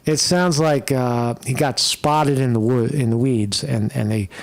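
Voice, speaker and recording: A man talks through a live stream in a loose, rambling way, swearing now and then and tacking "right?" onto his points. His voice sits at an ordinary middle pitch. He reads out viewer questions and answers them off the cuff. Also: measured pace, gravelly. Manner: rambling, profane, keeps asking "right?". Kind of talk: casual live commentary.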